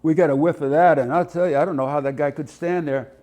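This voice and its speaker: Talking fast in a slightly high voice, a military veteran from Ohio in his seventies tells animated stories during an oral history interview. He brings them to life by mimicking voices and sounds.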